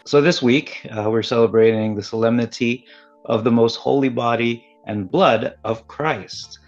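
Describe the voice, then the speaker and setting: A man's voice: measured pace, faint music behind. A man co-hosting a casual podcast, chatting in an easygoing way about his week and what he's been reading. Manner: chatty, easygoing, hesitant fillers. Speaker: podcast co-host. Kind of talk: casual chat. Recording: dull low-fi audio.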